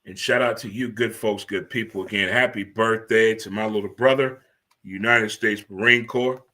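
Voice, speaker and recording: Animated fifty-something male show host. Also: on the low side, normal speed. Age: 50s. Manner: animated, preachy, swearing, laughing asides. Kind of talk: casual radio-style monologue.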